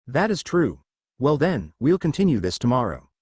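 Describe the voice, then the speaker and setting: A man reading as a calm, caring ninja teacher. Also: mid-range voice, normal speed, slightly rough, dry recording. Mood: teasing. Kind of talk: fan fiction reading.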